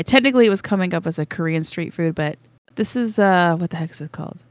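A chatty woman, co-hosting a relaxed podcast about gardening. Her voice sits low, and she tells stories in an animated way with lots of laughter. The sound is dry and close. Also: no room sound. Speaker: podcast co-host. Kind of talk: casual chat.

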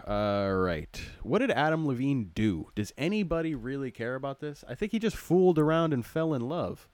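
A man rambles through a casual comedy podcast, crude and joking, half muttering as he browses. His pitch swings widely from line to line. The sound is close and dry. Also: big pitch swings, normal speed, hardly any pauses, darkish tone, dry recording. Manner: crude, joking, mumbles to himself while browsing. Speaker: podcast host.

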